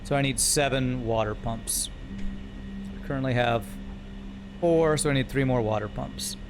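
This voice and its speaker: A man's voice: mid-range voice, moderate pace, background noise. A man streaming a building game, thinking aloud and correcting himself as he works through numbers. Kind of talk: live gameplay commentary.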